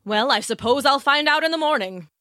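A woman's voice: sits high, animated, fairly quick, pushed and bright, no echo, studio quality, pitched above the performer's own voice. A woman voicing a greedy, gold-loving male king who sings and muses aloud. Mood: eager. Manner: sings to guitar, then speaks in musing asides. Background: guitar music.

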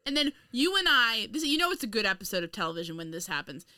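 Animated, bright-voiced woman podcaster. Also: mid-range voice, fast talker, smooth, dry recording, clean studio sound. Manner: animated, sarcastic, laughs often. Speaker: podcast co-host. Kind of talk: casual chat.

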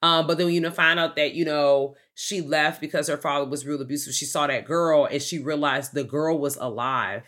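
In casual podcast chat, a female co-host narrates a movie's storyline with animation, voicing the characters' lines herself. She speaks low, at normal speed, with hardly any pauses.

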